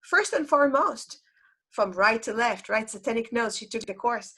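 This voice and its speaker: A woman's voice: on the high side, lively intonation, moderate pace, a bit bright, breathy edge. Woman teaching online. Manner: explanatory, asks the audience questions. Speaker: Hebrew teacher. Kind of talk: online lecture to learners. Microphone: video call.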